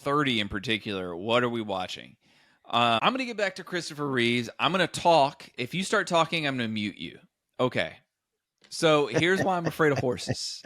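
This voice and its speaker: Brief: male podcast host, animated storyteller, bright tone, dry close sound. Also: mid-range voice, normal speed, no echo. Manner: animated storyteller, acts out quotes. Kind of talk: casual chat, storytelling.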